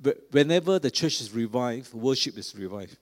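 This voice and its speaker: Preacher in a reverberant cathedral. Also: male voice, medium pitch, lively intonation, moderate pace. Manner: earnest, with frequent fillers and restarts. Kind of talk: sermon. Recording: long hall reverb.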